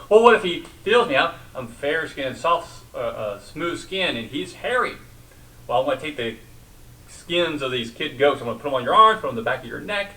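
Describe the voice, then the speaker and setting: A man's voice: a little high, very animated, normal speed, bright, forceful tone, recorded from a distance, poor audio. A man teaching a sermon in a conversational way, asking the congregation questions and retelling scripture. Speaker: pastor.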